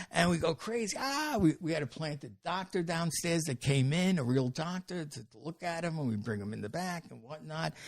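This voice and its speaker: Older Brooklyn-born comic, gravelly and husky, dry close sound, rambling storyteller. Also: male voice, mid-range voice, no echo. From Brooklyn, New York. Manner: animated anecdote-telling, frequent restarts. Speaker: comedian guest. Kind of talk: podcast storytelling.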